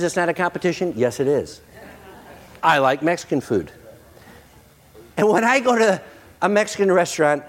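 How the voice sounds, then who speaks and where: Animated, high-spirited male preacher. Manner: animated, jokey preacher with playful put-on quotes. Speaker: pastor. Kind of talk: sermon. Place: church sanctuary with congregation.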